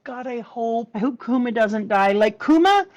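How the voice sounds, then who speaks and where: A mother co-hosting a casual chat show, excitable and animated and given to playful swearing. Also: on the high side, normal speed, lo-fi sound. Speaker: co-host, the host's mother.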